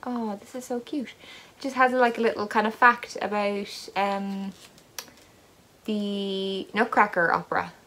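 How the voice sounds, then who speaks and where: Her mid-range voice is a bit bright, her delivery flat and a little slow. A knitting vlogger who hosts a podcast, she opens advent yarn in a casual, meandering video, adding self-deprecating remarks.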